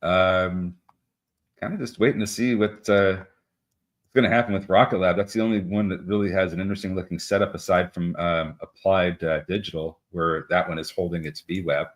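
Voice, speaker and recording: A man co-hosting a live trading stream, talking casually with many fillers and small jokes. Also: deep voice. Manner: rambling, many fillers, self-deprecating jokes. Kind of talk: casual market commentary.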